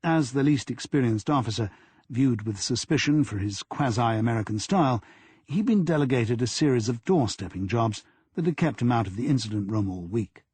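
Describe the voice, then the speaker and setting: Male narrator, crime audiobook, husky, lively intonation, dry close mic. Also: mid-range voice, normal speed, no echo.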